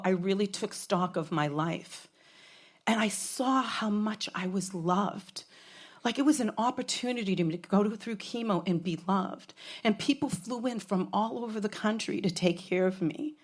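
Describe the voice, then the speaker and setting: A woman's voice: mid-range voice, moderate pace. A middle-aged woman telling a frank, comic personal story on stage, swearing freely. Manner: frank, profane, comic, with laughs from a crowd.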